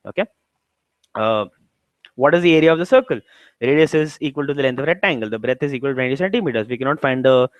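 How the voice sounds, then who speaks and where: A man's voice: medium pitch, dry recording, poor audio. Indian man tutoring exam prep, dry sound. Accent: Indian English. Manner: explains step by step, rhetorical questions, frequent "okay". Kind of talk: classroom lecture.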